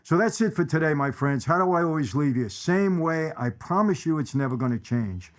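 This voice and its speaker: Speaking briskly and expressively with a fairly high pitch, a man on his own channel gives casual movie commentary. He wanders through his favorite film lines, repeating phrases for emphasis.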